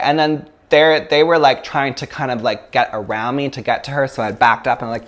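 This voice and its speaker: A man's voice: medium pitch, steady tone, fairly quick, few pauses. A man teaching a yoga class, talking in a loose, chatty way and telling stories with plenty of fillers. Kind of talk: casual talk to a yoga class.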